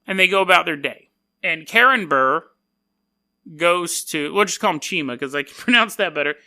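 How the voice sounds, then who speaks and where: Bright high-voiced rambling male podcaster. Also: lively intonation, normal speed. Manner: rambling, self-deprecating, jokey asides. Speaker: podcast host. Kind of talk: casual storytelling podcast.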